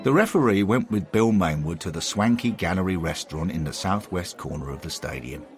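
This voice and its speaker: A man narrating a scripted comic story in a wry, expressive way. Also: sits low, fairly quick, soft background music.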